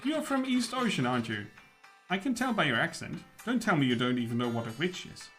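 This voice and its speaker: A man's voice: a little high, very animated, a little fast, fairly bright tone, soft background music. Man doing a scornful capybara trader. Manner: sneering, dismissive. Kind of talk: reading game dialogue aloud.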